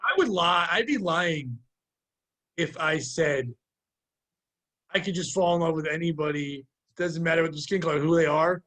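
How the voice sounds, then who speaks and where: A man's voice: fairly high pitch, normal speed, pauses often, a bit bright. A man co-hosting a comedy podcast, joking crudely and laughing a lot as he riffs. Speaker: podcast co-host.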